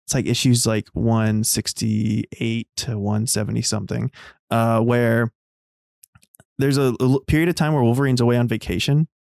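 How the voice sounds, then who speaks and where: A man's voice: medium pitch, little pitch movement, moderate pace, creaky, darkish tone, dry recording, studio quality. A man hosting a casual talk show, rambling with fillers and restarts. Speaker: podcast host. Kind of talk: casual chat.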